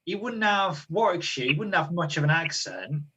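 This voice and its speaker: A man chiming in with matter-of-fact remarks during a casual film chat. His voice is fairly high and husky, and he sounds some way off from the mic. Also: lively intonation, moderate pace, bright, forceful tone, muffled recording. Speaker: film show co-host. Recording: distant from the mic.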